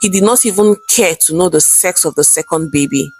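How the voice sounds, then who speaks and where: A woman narrates a folktale in a dramatic storyteller manner. Her voice sits slightly low. Faint background music plays under her. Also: a little fast, darkish tone, slightly rough.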